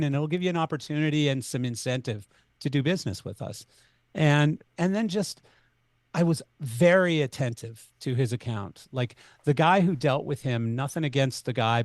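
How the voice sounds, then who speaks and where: Canadian man telling an animated story. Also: medium pitch, no echo. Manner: animated, acts out both sides of dialogue. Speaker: podcast guest. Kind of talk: conversational storytelling.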